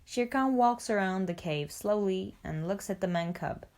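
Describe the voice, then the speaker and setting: A woman narrating a storybook for language learners, reading clearly and deliberately. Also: medium pitch, a little mellow. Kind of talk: graded-reader storybook narration.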